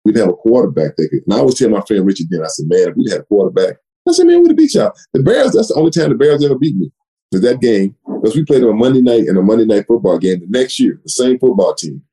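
A man's voice: on the low side, fast, rough recording. A man, a retired running back telling stories in an interview, repeating words and acting out old conversations. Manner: animated storyteller, repeats words, acts out quoted dialogue. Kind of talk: conversational storytelling. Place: home office.

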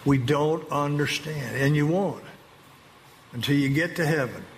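A man giving an emotional personal testimony to an audience, earnest and halting, with slow emphatic phrases. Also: fairly high pitch. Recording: long reverb of a large hall with faint ambient noise.

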